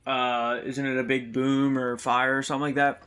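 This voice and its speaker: A man's voice: medium pitch, little pitch movement, moderate pace, fairly bright tone. Hesitant, hedging podcast co-host man. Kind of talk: casual book discussion.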